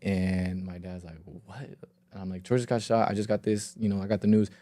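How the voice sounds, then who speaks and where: A man's voice: low voice, level tone, brisk, mellow. A young man talking as a podcast guest, telling a long story in a rambling, casual way, with lots of filler words and quoted dialogue and frequent swearing. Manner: swears freely. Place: podcast studio.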